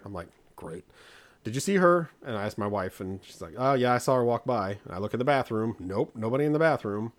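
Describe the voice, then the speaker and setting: A man in his forties co-hosting a podcast, telling stories about his kids in a rambling, stop-and-start way. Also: mid-range voice. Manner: rambling, self-interrupting storyteller. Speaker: podcast co-host. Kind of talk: casual chat.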